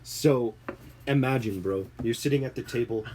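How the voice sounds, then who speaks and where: A man co-hosting a casual podcast, reading aloud from his screen and telling spooky stories in an animated way. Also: medium pitch, normal speed, heavy background noise. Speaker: podcast co-host. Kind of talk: casual chat.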